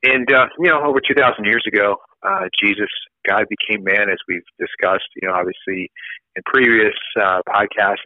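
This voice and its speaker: A man, a priest, talks through church teaching in a relaxed, rambling manner, his low voice squeezed into a thin, phone-like sound. The recording is dry, with no room around it. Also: normal speed, no room sound. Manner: conversational, with fillers and restarts. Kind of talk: casual catechism teaching.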